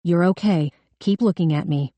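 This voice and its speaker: A woman voicing a calm, insistent female defense lawyer in an audiobook. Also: on the low side, normal speed, no echo, close to an everyday voice. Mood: firm.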